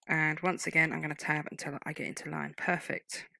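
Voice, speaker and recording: A woman's voice: low voice, level tone, a little fast, gravelly, bright, forceful tone, no room sound, rough recording. A woman giving a screen-recorded typing lesson, patiently explaining each term and step. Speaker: typing tutor.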